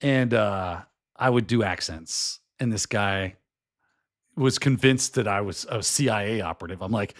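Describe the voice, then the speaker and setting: A middle-aged man hosting a podcast in casual chat, hoarse and losing his voice, rambling and slipping into put-on accents. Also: lowish voice, normal speed. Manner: chatty and rambling, often breaking into put-on accents. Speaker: podcast host.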